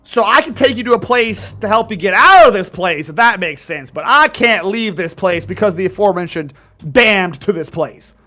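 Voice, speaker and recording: A man's voice: high-pitched, expressive, moderate pace, pushed and bright. A man voicing a jovial, slightly drunk male skeleton guide in a tabletop game, rambling in a folksy drawl with chuckles. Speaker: game master.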